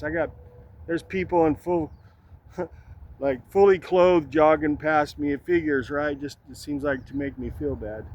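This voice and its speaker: A vlogger with a voice on the high side rambles through a story as he walks through a city park, tossing in "man" and "right?" along the way. The rough recording carries a bit of hiss or hum.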